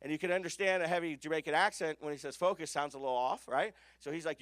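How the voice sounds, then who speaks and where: A man's voice: a little high, fast, hardly any pauses, a bit bright, dry recording. A man giving an emphatic business coaching talk to a live audience, often putting questions to the room.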